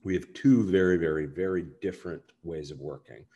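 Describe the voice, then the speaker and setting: A man's voice: deep voice, brisk, warm tone. A man, an actor, chatting casually in an interview, rambling and self-deprecating with many fillers. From United States. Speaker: actor guest.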